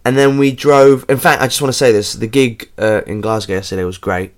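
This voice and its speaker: A man's voice: medium pitch, steady tone, fairly quick. A tired man hosting a podcast, rambling through stories and swearing casually. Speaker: podcast host.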